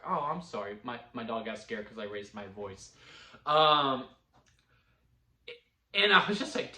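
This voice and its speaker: Guy rambling about a tv episode at home, bright voice that jumps all over, echoey room. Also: mid-range voice, moderate pace. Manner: animated, rambling, with frequent restarts and laughs. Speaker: TV episode reviewer. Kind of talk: casual recap and commentary. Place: at home with a dog.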